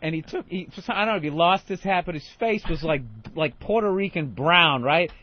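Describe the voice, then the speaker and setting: Excitable profane radio storyteller man. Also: on the high side, brisk, dull audio. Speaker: radio show regular.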